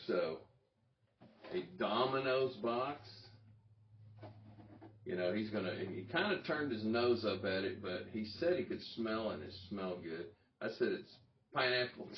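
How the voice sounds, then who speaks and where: A man with a lowish voice chats casually to his viewers, wandering off-track and chuckling as he goes. He sits back from the microphone in a room with a clear echo, and the sound is muffled and lo-fi. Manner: rambling, self-interrupting, chuckling. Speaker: YouTube channel host. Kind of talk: casual talking-head vlog. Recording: roomy, distant, dull lo-fi sound.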